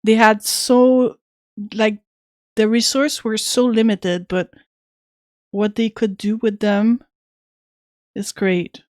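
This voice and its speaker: A woman's voice: on the high side, fairly even intonation, takes it slowly, long pauses, no room sound, studio quality. A woman chatting casually with viewers while streaming an old computer game, reading its text aloud now and then.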